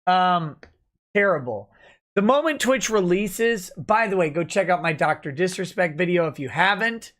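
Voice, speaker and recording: A man's voice: high-pitched, lively intonation, moderate pace, fairly bright tone. A drunk man hosting a late-night livestream, ranting angrily and swearing a lot. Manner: angry, profane ranting. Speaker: livestream host.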